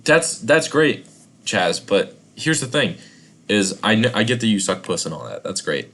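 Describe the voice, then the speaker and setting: Deadpan low-voiced young man. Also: normal speed. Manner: deadpan, patient straight man. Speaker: podcast co-host. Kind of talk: casual chat. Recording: video call.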